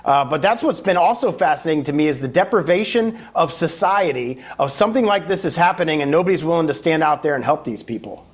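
A male congressman giving interview answers in a fairly high voice. He presses his points firmly and keeps talking through brief filler sounds. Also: lively intonation, quick pace, few pauses. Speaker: congressman guest.

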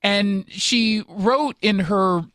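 American guy hosting a chat show, high voice, dry close sound, sarcastic and wry. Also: very slow, a bit bright, dry recording. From United States. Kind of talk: casual commentary chat.

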